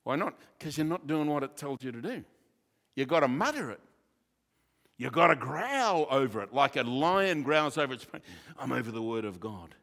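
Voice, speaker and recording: A man who is a church pastor, preaching a sermon with jokes and lively asides. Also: medium pitch, normal speed, vocal fry. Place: church hall. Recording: reverberant church hall.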